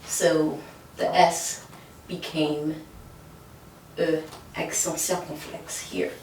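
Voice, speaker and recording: A woman's voice: deep voice, flat delivery, extremely slow, a little mellow, slight background noise. A woman teaching French pronunciation, explaining patiently and often checking in with "okay?". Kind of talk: whiteboard language lesson. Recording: echoey room from far off.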